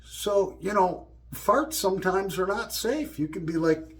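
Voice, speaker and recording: A man's voice: sits high, animated, measured pace, fairly bright tone. A middle-aged man vlogging and telling stories in a loose, profane, joking way. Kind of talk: casual storytelling monologue.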